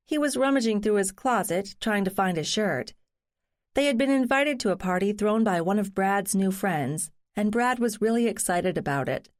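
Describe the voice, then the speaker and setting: A woman narrating a mystery audiobook in a measured, even reading voice. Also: medium pitch, no echo, studio quality. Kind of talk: scripted narration.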